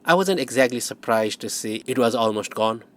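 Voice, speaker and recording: A male audiobook narrator telling a story in first person. His delivery is measured and wry, with a mid-pitched, even voice.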